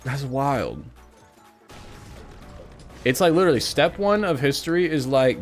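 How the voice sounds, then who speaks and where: A man's voice: mid-range voice, a little slow, long pauses, faint music behind. A man in his twenties from Missouri, chatting casually and sarcastically with his stream viewers. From Missouri, USA. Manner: animated, joking and sarcastic.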